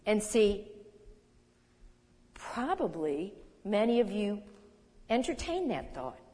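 A woman in her sixties teaching a sermon in a conversational, animated way, reading scripture aloud with emphasis. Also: mid-range voice, slow. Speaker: Bible teacher. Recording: long hall reverb.

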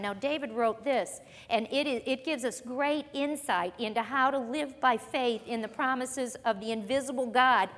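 A woman's voice: on the high side, a bit bright. A woman pastor preaching a sermon, reading scripture aloud and asking emphatic rhetorical questions to her congregation. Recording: long reverb of a large hall.

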